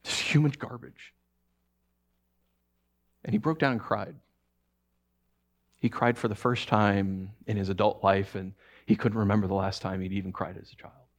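A man preaching by telling a story, speaking softly and haltingly with frequent restarts. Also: on the low side, fairly even intonation. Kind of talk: sermon storytelling.

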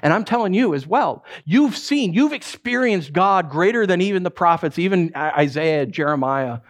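Male pastor, middle-aged, lively sermon delivery, slightly higher voice, storytelling with restarts. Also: normal speed. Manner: animated storytelling with many restarts and acted asides.

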